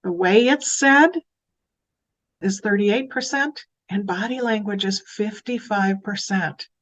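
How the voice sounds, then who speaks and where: A woman speaking as an early childhood educator, giving an educational talk that turns animated when she acts out phrases to children. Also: medium pitch, slow.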